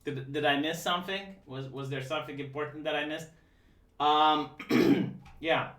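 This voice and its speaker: A man's voice: fairly high pitch, fairly even intonation, a little slow, fairly bright tone. A man hosting a live stream, talking casually in a sarcastic, mocking way with many stammered restarts. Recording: echoey room, distant mic.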